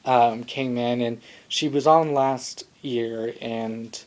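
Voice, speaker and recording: A man's voice: medium pitch, steady tone, takes it slowly. A young man casually recapping a TV show into a handheld camera, rambling with many ums and likes. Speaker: vlogger recapping a TV singing show. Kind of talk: casual talking-head recap. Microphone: handheld camera, shaky.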